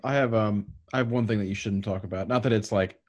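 A man's voice: on the low side, fast. A man co-hosting a casual podcast, rambling with many fillers and playful asides. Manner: rambling, lots of fillers, mock voices. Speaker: podcast co-host.

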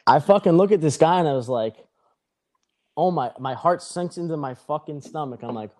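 A man's voice: fairly high pitch, fairly quick. A young man telling a rambling, profane story in casual podcast chat, acting out the other people's lines. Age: young adult. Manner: rambling, profane, animated retelling.

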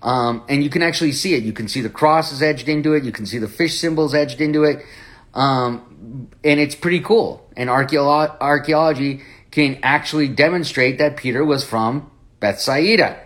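A man's voice: mid-range voice, normal speed. A man leading a Bible study, talking through scripture with rhetorical questions and acted-out quotes. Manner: animated, acts out quoted lines, rhetorical questions.

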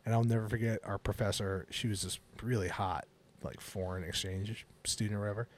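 A man's voice: fairly low pitch, steady tone, brisk, slight background noise. A man in his forties co-hosting a podcast, telling rambling stories in casual chat and laughing often. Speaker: podcast co-host.

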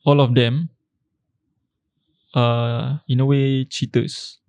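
A man's voice: mid-range voice, level tone, takes it slowly, a little mellow, dry recording. A man, co-hosting a podcast and laying out a question in casual chat. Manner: thoughtful, explaining. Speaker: podcast co-host.

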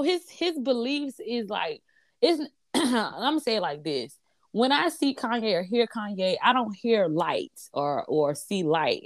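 Lively woman co-host, dry close sound. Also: on the low side, no echo. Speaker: podcast co-host. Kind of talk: casual chat.

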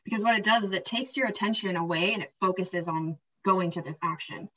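A woman co-hosting a podcast, talking in an energetic, rambling, motivational way, often tossing in "right?" and "like". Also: medium pitch, brisk, a little hiss or hum. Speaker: podcast co-host. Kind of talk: casual motivational chat. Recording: slightly distant, dull lo-fi sound.

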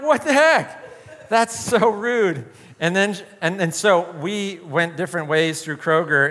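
A man's voice: on the high side, pushed and bright, big-room sound. A man leading an informal youth group talk, a joking storyteller who acts out quoted voices.

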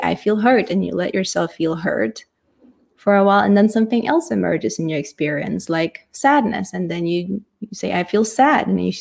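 A woman teaching how to communicate, in a reflective, halting way that thinks aloud. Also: mid-range voice, creaky, darkish tone. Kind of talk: casual teaching talk.

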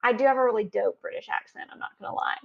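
A woman co-hosting a podcast, chatting casually and explaining things with quick asides. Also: fairly high pitch, vocal fry. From United States. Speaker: podcast co-host; student. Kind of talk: casual chat. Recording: dull lo-fi sound.

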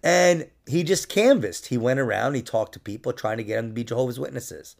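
A man's voice: medium pitch, lively intonation, a little fast, creaky. A young man, a comedian and podcast host, telling stories in a casual chat, laughing often and slipping into mock voices.

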